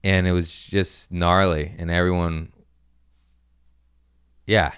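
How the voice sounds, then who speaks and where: Man, podcast host, very deep voice, resonant, casual profane storytelling. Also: takes it slowly, clean tone. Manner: profane, rambling, animated storytelling.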